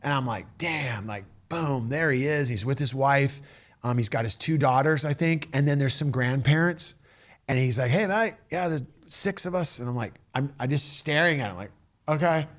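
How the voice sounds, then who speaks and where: A middle-aged man spins a casual personal story, his voice bouncing between quiet asides and sudden lively peaks. He acts out the people he met with quick shifts in tone, keeping an easy conversational pace. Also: mid-range voice. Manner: animated, acts out quoted voices.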